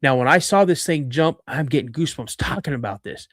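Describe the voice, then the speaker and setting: A man hosting a podcast, telling a story in an animated way with frequent restarts and asides. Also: fairly high pitch, brisk, no room sound, clean studio sound. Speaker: podcast host.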